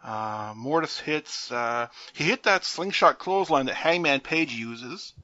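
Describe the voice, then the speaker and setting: A man's voice: medium pitch, expressive, unhurried, pushed and bright, dry recording, highs cut off. A man co-hosting a podcast, recapping a match in a joking, laugh-filled way. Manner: jokey play-by-play recapping, laughs often. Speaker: podcast co-host. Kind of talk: casual wrestling recap chat.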